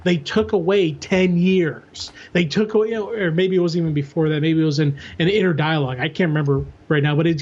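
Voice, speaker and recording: High-voiced eager podcast man, muffled. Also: darkish tone. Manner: enthusiastic, quick, many restarts. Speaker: podcast co-host. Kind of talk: casual comics discussion.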